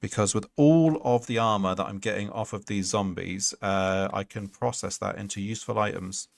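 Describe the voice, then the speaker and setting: A man's voice: on the low side, normal speed, creaky, no room sound. A man in his thirties streaming a block-building game, chatting casually and answering his chat with jokey asides. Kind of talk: casual Minecraft livestream chat. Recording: loud background noise.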